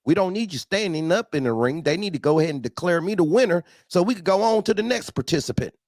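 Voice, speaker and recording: A man with a fairly high, swinging voice talks bluntly in street slang, animated and quick to laugh. The sound is dry and close, with no room behind him. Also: no room sound. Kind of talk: casual profane trucking talk.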